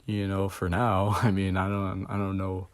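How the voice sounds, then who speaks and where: A man with a fairly low voice talks straight to the camera in a loose, rambling rant. He swears freely and leans on fillers, and he sounds confused and fed up. The recording is dry and close, with almost no room sound. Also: monotone, normal speed, dry recording. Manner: confused, exasperated. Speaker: video blogger.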